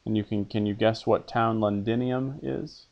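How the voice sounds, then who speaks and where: Speaking with a steady, lowish, gravelly voice at a moderate pace, a man runs a basic Latin lesson in which a pupil repeats his phrases before he translates and gently quizzes, supplying answers himself. The audio has its highs cut off.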